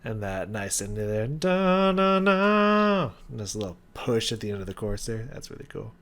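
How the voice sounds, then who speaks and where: An excited young man talks through a song's vocals, humming out rhythms as he goes. His voice sits a little low, and he keeps it casual with plenty of fillers. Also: fast talker, creaky, music in the background. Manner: enthusiastic, scats rhythms, many fillers. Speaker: music reaction host. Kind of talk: casual music analysis.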